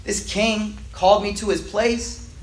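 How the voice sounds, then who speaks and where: A man with a high voice leads a casual religious lesson, and his speech rings around an echoey room. He rattles off Arabic text at speed, then breaks it down in slangy street English. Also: steady tone, slight background noise. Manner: reads Arabic lines quickly, then explains them in slangy everyday English. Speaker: teacher of a weekly Islamic class.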